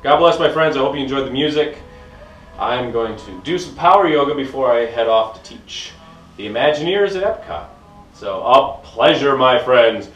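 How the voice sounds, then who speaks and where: A middle-aged man, a fitness instructor, coaching viewers in an energetic, enthusiastic casual vlog at home, recorded on a camera mic. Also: medium pitch, normal speed, muffled recording, soft background music. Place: indoor room at home. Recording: echoey room, voice from a distance.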